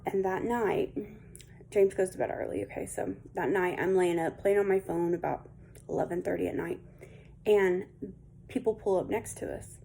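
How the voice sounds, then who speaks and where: A woman's voice: lowish voice, steady tone, normal speed, creaky, dark tone, slight background noise. A woman vlogger telling a story to her viewers in a chatty, rambling way, with small laughs and asides.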